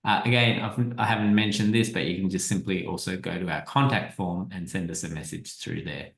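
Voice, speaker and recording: A man with a lowish voice talks through a slideshow presentation on marketing. He speaks in a casual, conversational way, often stumbling and repeating a word before he finds his phrasing. The sound has a roomy echo around it. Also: a little fast, gravelly, fairly bright tone.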